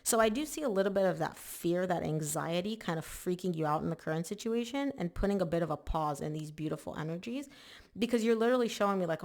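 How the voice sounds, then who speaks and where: A woman with a lowish, gravelly voice talks through a tarot reading in a chatty, animated way. She speaks casually and with emphasis, often voicing the listener's inner worries as she goes. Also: fast. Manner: chatty and emphatic, lots of "like" and "oh my gosh". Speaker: tarot reader.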